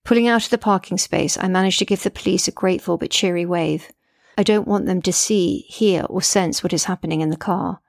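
A woman's voice: on the low side, a little fast, vocal fry, dry recording, studio quality. A middle-aged woman, a mother, narrating her memoir in an earnest, reflective way.

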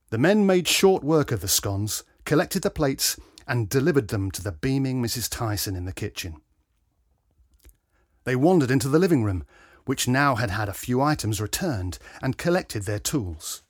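A man reading a story aloud with gentle expression. His voice moves through a lively, animated range with a slightly husky grain. The sound is close and dry. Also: medium pitch, normal speed, dry recording. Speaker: narrator.

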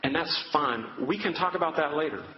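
Earnest preacher in an echoey hall. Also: male voice, fairly high pitch, expressive, fairly quick, a little hiss or hum. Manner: earnest, direct address with repeated reassurance. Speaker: campus minister preaching. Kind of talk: sermon. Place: large hall with an audience. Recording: echoey hall, dull sound.

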